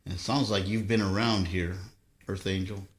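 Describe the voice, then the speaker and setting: A man's voice: low voice, steady tone, moderate pace, roomy sound, slight background noise. A man from Southern California hosting a live stream, chatting casually with viewers and telling rambling stories with frequent chuckles. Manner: easygoing storytelling, chuckles often. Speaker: live stream host reading viewer chat.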